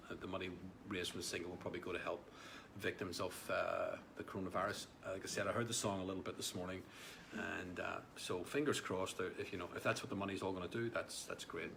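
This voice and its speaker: Man, low voice, casual live-stream chat, rambling asides to viewers, faint background hum. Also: gravelly. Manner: rambling, chatty, many restarts and asides to viewers. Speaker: live vlogger answering viewer comments.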